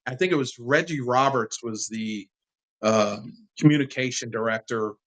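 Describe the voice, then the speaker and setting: A man in his fifties, a guest on a sports interview, telling a heartfelt childhood story in an animated, casual way. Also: medium pitch, normal speed, low-quality recording.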